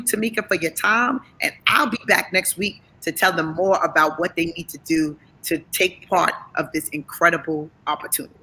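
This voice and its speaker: A woman guest giving an upbeat, encouraging pitch in a gravelly voice. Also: pushed and bright, a little hiss or hum, rough recording. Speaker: guest co-presenter. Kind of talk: enthusiastic promotional talk.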